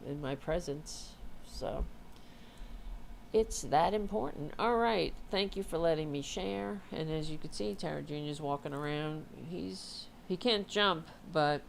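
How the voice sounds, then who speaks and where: A woman's voice: low-pitched, a little slow, vocal fry, slight background noise. A woman hosting a casual livestream, rambling and swearing as she chats and talks to her cat. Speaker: host.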